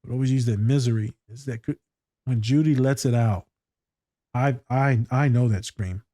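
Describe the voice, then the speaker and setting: Reacting to a TV scene in casual conversation, this man, a school therapist who co-hosts a podcast, talks loosely with plenty of profanity and slang and keeps slipping into personal anecdotes. He has a dark, mellow, mid-range voice at a normal speed. The sound is close-miked and dry, with no echo and almost no room sound.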